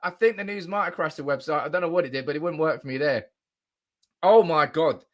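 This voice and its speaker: A young man hosts a live fan stream, his voice sitting a little high. He is giddy and loud, swearing freely and laughing as he reads viewers' comments aloud into his desk mic. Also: rapid-fire. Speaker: fan channel livestream host. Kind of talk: excited live-stream reaction.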